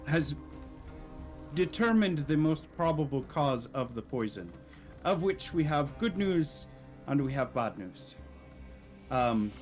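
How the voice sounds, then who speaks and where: A man's voice: medium pitch, a little mellow, lightly acted. A man voicing a fussy, caring old grandmother in a tabletop game, doting and calling everyone dear.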